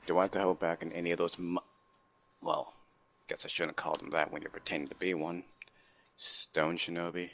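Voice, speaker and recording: A man playing in character in a tabletop game, hesitant and deadpan. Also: sits low, moderate pace, vocal fry, pauses often. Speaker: player.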